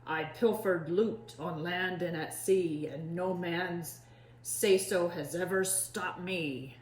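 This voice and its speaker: A woman's voice: fairly low pitch, steady tone, takes it slowly, roomy sound, slight background noise. A woman voicing an impatient, bossy male pirate captain who bellows in pirate slang. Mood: gruff.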